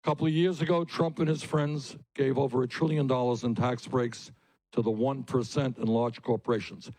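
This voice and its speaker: A man speaks to a crowd at a political rally. His delivery is emphatic and repetitive, and he hammers short phrases as his voice rises to loud, forceful peaks. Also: medium pitch, steady tone, moderate pace, low-quality recording. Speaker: political candidate. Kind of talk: campaign rally speech. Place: public rally.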